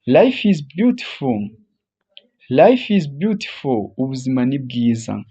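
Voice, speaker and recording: A language teacher runs a phrase drill, saying each English phrase twice, slowly and deliberately, then translating it. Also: medium pitch, big pitch swings, warm tone, husky, highs cut off.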